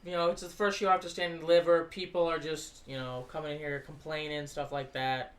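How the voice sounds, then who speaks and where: A man's voice: fairly high pitch, little pitch movement, fairly quick, roomy sound. A man co-hosting a live-streamed chat, agreeing often and finishing his partner's sentences. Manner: chimes in with agreement and finishes the other host's sentences, swears casually. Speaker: podcast co-host. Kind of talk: casual chat. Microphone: desk microphone on a live stream.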